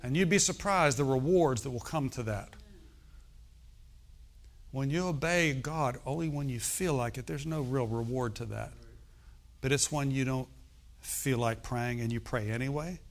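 A man's voice: medium pitch, moderate pace, pauses often. Middle-aged guy preaching, chatty, keeps asking okay? amen?. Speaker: pastor. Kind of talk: sermon.

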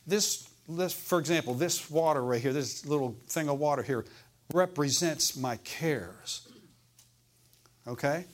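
A man preaching a sermon in a church service, asking the congregation questions and swinging between loud and hushed delivery. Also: a little high, normal speed, hardly any pauses. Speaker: pastor.

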